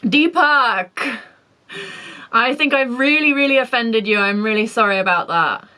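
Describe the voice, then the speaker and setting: A woman's voice: on the high side, steady tone, fairly quick, bright, forceful tone, clear, resonant tone, low-quality recording. Chatty young British woman vlogger. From Britain. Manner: chatty, candid, wry asides. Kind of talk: casual chat reacting to comments.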